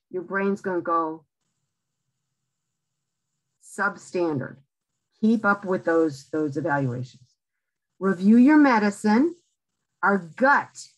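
A woman giving a library lecture at a slow, deliberate pace. She coaches in short, emphatic phrases and keeps checking in with her listeners. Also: medium pitch, rough recording. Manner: direct, coaching, frequent "okay?" checks. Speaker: lecturer on aging in place. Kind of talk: public library talk.

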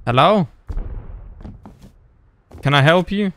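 A man's voice: on the high side, expressive, slow, fairly bright tone, slight background noise. A man streaming a survival game, chatting casually and taunting other players with crude jokes. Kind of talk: casual gameplay chat.

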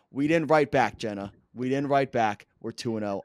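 Hoarse, excitable male sports fan. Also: medium pitch, moderate pace, few pauses, no echo, clean studio sound. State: hoarse, lost his voice. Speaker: podcast co-host; coach. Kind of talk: casual sports chat.

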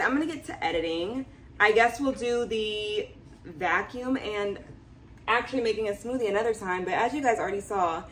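A young woman talking casually to camera in her home as a vlogger, chatty and animated. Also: on the high side, far from the mic, slight background noise. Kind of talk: casual vlog chat to camera.

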